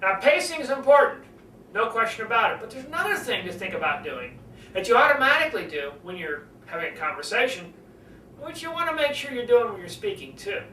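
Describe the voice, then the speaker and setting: An older man coaching public speaking, lively and animated, swinging his voice up and down to demonstrate. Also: a little fast. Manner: animated, demonstrates pitch swings, acts out conversations. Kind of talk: speaking lesson to camera. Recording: roomy, from a distance, faint noise.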